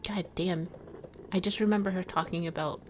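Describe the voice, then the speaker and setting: A woman's voice: lowish voice, steady tone, moderate pace, slight background noise. A woman giving let's-play commentary, chatting and reacting aloud with strong emotion to a story game. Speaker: video game player. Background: game music.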